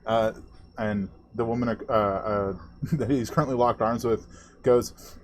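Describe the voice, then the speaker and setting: A man narrating as game master of a tabletop game, halting and full of fillers. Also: lowish voice, fairly even intonation.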